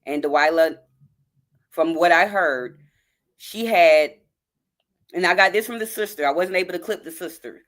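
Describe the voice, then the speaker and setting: A woman's voice: fairly low pitch, moderate pace, pauses often, fairly bright tone. Choked-up woman reading on a live stream. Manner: addresses viewers as y'all, greets chat by name. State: choked up, near tears. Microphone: phone.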